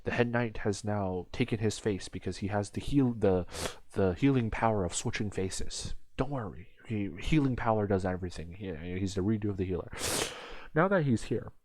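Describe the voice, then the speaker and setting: A man's voice: lowish voice, normal speed, a little mellow, slight background noise. A young man giving a crude, sarcastic, rambling comedic commentary as an anime reviewer.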